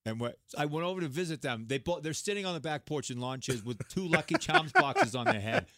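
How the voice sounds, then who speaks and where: A middle-aged man telling comic stories in a deadpan manner, acting out quoted lines as a comedian guest. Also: a little high, a little fast, creaky, no echo, clean studio sound. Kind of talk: comic storytelling on radio.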